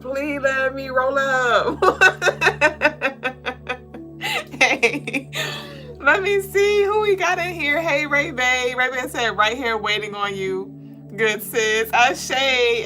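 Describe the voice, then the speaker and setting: A woman chatting on her livestream in a bright, forceful voice that sits a little high. She talks slowly and swears freely between excited greetings to viewers. Soft music plays underneath. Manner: excitable, profane, reads viewer comments aloud. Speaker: livestream spiritual reader. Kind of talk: casual livestream chat.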